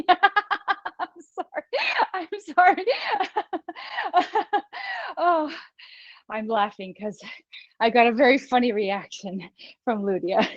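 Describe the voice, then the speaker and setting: A woman's voice: fairly high pitch, no room sound, highs cut off. A woman leading a live online fitness class, cheering people on, counting down reps and often laughing. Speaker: fitness instructor. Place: small studio room.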